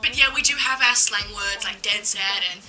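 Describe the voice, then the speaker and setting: A woman's voice: mid-range voice, normal speed, sharp tone, faint music behind, rough recording. A young Australian woman with an Australian accent, talking straight to camera in a casual, indignant vlog full of "um" and "like". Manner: chatty, indignant, lots of "um" and "like". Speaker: vlogger.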